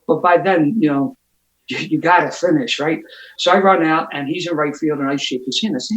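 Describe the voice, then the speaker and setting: Over a video call from home, a man from Philadelphia gives an AA recovery share framed as his sober story. His voice is kind of high, he restarts quickly and laughs as he talks, and the video call mic yields dull audio with a roomy echo.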